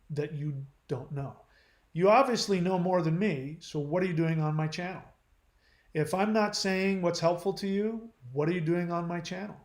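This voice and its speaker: A man's voice: on the high side, reverberant. A man hosting his channel, reading viewer comments aloud and answering them in a blunt, lecturing way.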